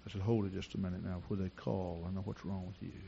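A man preaching a sermon in a church, telling personal stories and rising to shouts at the climax. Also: deep voice, flat delivery, quick pace, creaky, lo-fi sound, a little hiss or hum. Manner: storytelling preacher who builds to shouting.

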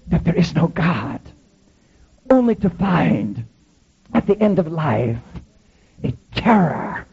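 A man's voice: sits high, slightly rough, muffled recording. A man preaching a Pentecostal sermon, telling dramatic stories with heavy repetition.

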